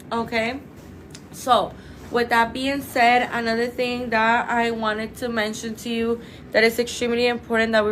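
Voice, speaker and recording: A woman presenting a live-streamed product pitch for a clinic, chatty and salesy, addressing viewers as "you guys" and repeating set sales phrases. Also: fairly bright tone, a little hiss or hum, low-quality recording. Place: indoors under bright lights.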